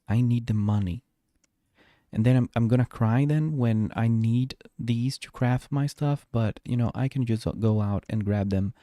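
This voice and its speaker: A man with a low, mellow voice chats his way through a live game stream. He rambles and restarts his sentences as he thinks aloud. The sound is dry and close, with no room around it. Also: no echo. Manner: rambling, self-talking, restarts often. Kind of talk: live gameplay commentary. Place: home.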